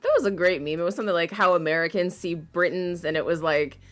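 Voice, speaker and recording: A woman co-hosting a podcast in casual chat, emphatic and profane, quick to agree. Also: on the low side. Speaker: podcast co-host.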